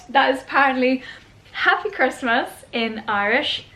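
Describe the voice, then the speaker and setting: Woman, vlog host, casual unboxing chat, exclamatory, slightly high pitch. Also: normal speed, a bit bright, poor audio. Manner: gushing, chatty, exclamatory.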